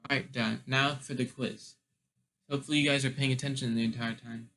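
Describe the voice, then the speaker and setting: A man explaining German verb grammar in a casual lesson, deliberate and full of ums and restarts. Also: mid-range voice, steady tone, bright, forceful tone, low-quality recording. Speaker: German teacher.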